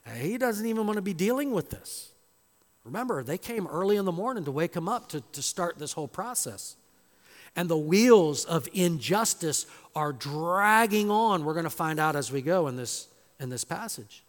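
High-voiced preacher in a reverberant hall. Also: male voice, expressive, normal speed. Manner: dramatic, rhetorical questions, acts out quoted voices. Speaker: pastor. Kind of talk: expository sermon. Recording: long reverb of a large hall.

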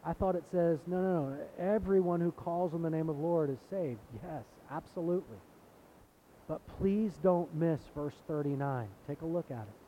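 Earnest male preacher, dull lo-fi sound. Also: a little slow. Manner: earnest, building to impassioned emphasis with repeated phrases. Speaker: pastor. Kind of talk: sermon. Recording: dull lo-fi sound with faint rumble.

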